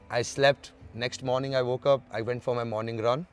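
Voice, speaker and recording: A man from India, an interview guest telling travel stories in a lively way and acting out the dialogue. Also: medium pitch, moderate pace, few pauses, smooth, faint music behind. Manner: lively storyteller who acts out the dialogue. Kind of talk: storytelling in an interview.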